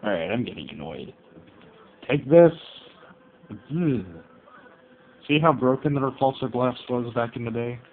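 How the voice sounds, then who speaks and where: A man commenting on his own gameplay, grumbling about opponents and shouting out attack names. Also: mid-range voice, expressive, fast, hardly any pauses. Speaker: let's play gamer. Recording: tinny lo-fi mic with faint hiss.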